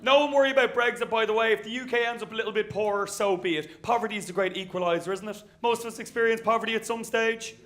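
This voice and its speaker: A young Irish man performing stand-up in front of a live crowd, his voice sitting very high for a man. He lands each bit with a quick tag line and plenty of self-mockery. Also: fairly bright tone. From Ireland. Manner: punchy, self-mocking, with tag lines. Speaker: stand-up comedian. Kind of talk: stand-up set. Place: comedy venue with live audience.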